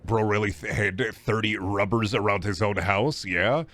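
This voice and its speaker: A man's voice: lowish voice, normal speed, fairly bright tone, no echo. A man streaming a game, rambling and joking with chat and swearing freely. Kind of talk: casual live gameplay commentary.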